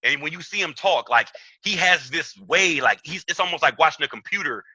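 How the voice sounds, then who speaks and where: A young man, telling a story in an animated way and acting out the dialogue in a raised voice. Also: on the high side, a little fast, no room sound, poor audio. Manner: excitable, acts out quoted dialogue in raised voice. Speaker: trading trainer.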